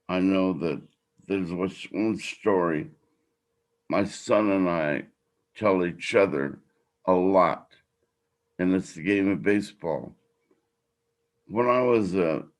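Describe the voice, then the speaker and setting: An older man hosting a podcast, speaking slowly and with feeling. His talk is heartfelt and rambling, and his voice sits a little low. He is moved by his subject. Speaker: podcast host.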